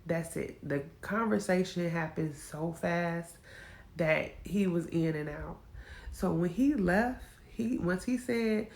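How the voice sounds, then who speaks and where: Low gravelly-voiced woman telling a story. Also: takes it slowly. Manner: emotional, animated retelling with acted quotes. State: upset. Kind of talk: casual storytime vlog.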